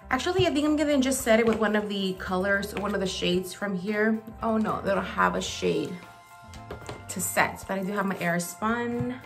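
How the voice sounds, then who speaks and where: A woman beauty vlogger chatting casually while doing her makeup at home, gushing and talkative, in a gravelly morning voice. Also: mid-range voice, normal speed, music in the background. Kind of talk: casual makeup tutorial chat.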